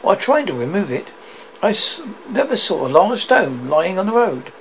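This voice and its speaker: A man's voice: high-pitched, sing-song, moderate pace, gravelly, fairly bright tone, muffled recording, a little hiss or hum, full character voice. A man reading the lines of a worried young man who plays his troubles down, in a storybook reading. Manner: plays things down.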